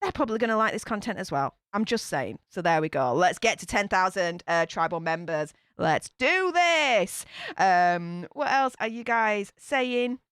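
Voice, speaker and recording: A woman's voice: medium pitch, animated, normal speed, a bit bright, clean tone, dry recording. A young woman with a Yorkshire accent hosting her channel, chatting casually as she reads viewer comments aloud. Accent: Yorkshire English. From Yorkshire, England. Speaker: YouTube channel host. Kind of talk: casual livestream chat reading comments.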